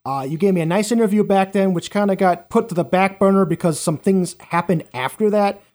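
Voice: mid-range voice, fairly quick, darkish tone. Casual podcast host reading wrestling news.

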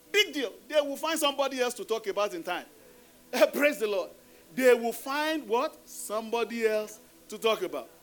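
A middle-aged man preaches a sermon in a strikingly high, bright voice. He takes his time, repeating lines and throwing questions back at the congregation. A faint bed of music sits underneath. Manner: emphatic preaching with repeated phrases. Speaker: pastor.

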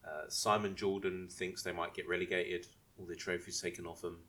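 A man's voice: low voice, flat delivery, moderate pace, a bit bright. A man co-hosting a casual football podcast, rambling, restarting his questions and explaining things at length. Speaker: podcast co-host.

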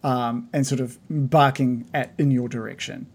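A man's voice: medium pitch, fairly even intonation, normal speed, vocal fry, breathy edge. Hesitant man narrating a tabletop game. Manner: hesitant, many ums and restarts. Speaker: game master.

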